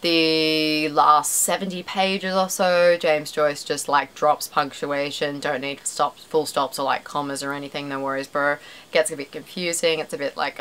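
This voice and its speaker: A woman's voice: low-pitched, level tone, a little slow, fairly bright tone, a little hiss or hum, rough recording. A young Australian woman vlogging to camera in a rambling, self-deprecating way, full of fillers. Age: young adult. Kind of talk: casual chat to camera.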